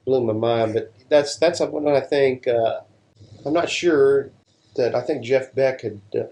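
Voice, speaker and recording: An unhurried man with a mid-range, somewhat dark voice is the guest on an interview. A session guitarist by trade, he drifts through casual, laid-back anecdotes, frequently stopping to begin a sentence again.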